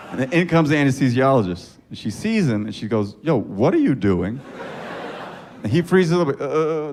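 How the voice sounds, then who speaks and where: A man doing profane stand-up comedy storytelling, with a deadpan delivery and sudden squeaky high-pitched punchlines. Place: comedy club stage with laughing audience. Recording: live club recording with audience noise.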